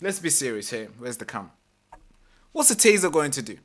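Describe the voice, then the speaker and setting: A man's voice: medium pitch, very animated, normal speed, over loud music. A male host reading an article aloud during a live stream and commenting on it, swearing, repeating himself and putting on mocking voices.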